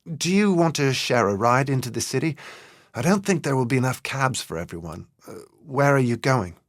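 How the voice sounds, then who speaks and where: Hörbuch: ein Mann als höflicher, etwas ängstlicher geschiedener Vater. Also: male voice, medium pitch, animated, moderate pace, no room sound, studio quality, voice pushed up, lightly acted. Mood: polite. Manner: polite, slightly nervous. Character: anxious, polite divorced father, adult man.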